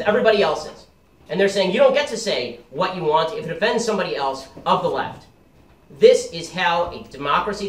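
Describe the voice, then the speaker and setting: A young man giving a sarcastic, combative political speech to a live audience. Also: high voice. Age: young adult. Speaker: campus speaker. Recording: roomy hall, mic at a distance.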